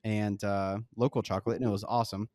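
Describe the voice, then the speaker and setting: Fast-talking man telling a story. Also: fairly low pitch, no room sound. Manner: animated storyteller, acts out quoted voices. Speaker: podcast co-host. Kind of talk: casual chat.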